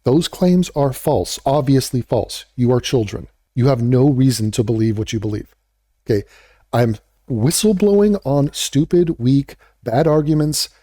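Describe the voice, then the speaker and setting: A man's voice: mid-range voice, unhurried, dark tone, dry recording, studio quality. A man with a blunt, profane, sarcastic manner, ranting as a video creator in a commentary vlog.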